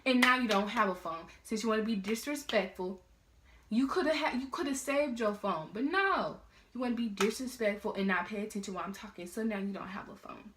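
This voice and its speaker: A teenage girl voicing her furious, cursing mother, pitched high and loud, in a roomy echoing room. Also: fairly quick, a little hiss or hum, close to an everyday voice. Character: furious scolding mother, middle-aged, fiery. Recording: roomy echo.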